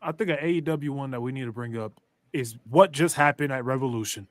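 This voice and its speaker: A man's voice: medium pitch, fast talker, dry recording. A man co-hosting a wrestling podcast, reacting with disbelief and firing off questions. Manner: incredulous, reactive. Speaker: podcast co-host. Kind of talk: heated casual chat.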